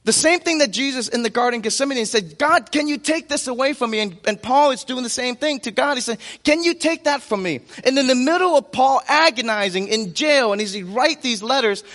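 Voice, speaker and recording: High-voiced man preaching in a reverberant hall. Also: animated, fairly bright tone. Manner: impassioned preaching with emphatic slow-downs. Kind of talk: sermon. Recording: long reverb of a large hall.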